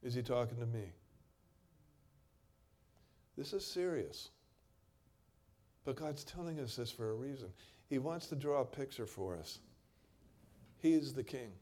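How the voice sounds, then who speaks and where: A man preaching a sermon, reading scripture aloud in a dramatic way and moving between loud stretches and quiet emphasis. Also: medium pitch, expressive, a little slow, pauses often.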